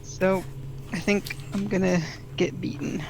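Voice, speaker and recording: A woman's voice: medium pitch, fairly even intonation, a little slow, vocal fry, background noise. A woman co-hosting a casual gaming livestream, chatting and rambling about her matches. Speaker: gaming stream co-host.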